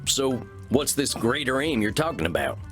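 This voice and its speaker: Actor as a drawling Southern cowboy vampire therapist, easygoing, animated pitch, music behind. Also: male voice, moderate pace, lightly acted. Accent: Southern American. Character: laid-back cowboy vampire therapist man. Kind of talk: video game voice acting.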